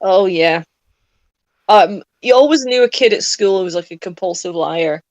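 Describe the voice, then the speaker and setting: A woman's voice: medium pitch, normal speed, a little mellow, dry recording. A woman in her late twenties co-hosting a casual chat, sleep-deprived, rambling and laughing often. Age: late 20s. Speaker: podcast co-host.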